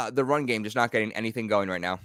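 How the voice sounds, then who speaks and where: A young man hosting a fan watch party, giving live play-by-play and reactions, calm in his breakdowns and yelling at big plays. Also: on the low side, fast talker, no echo, studio quality. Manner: excitable, swings from calm analysis to yelling.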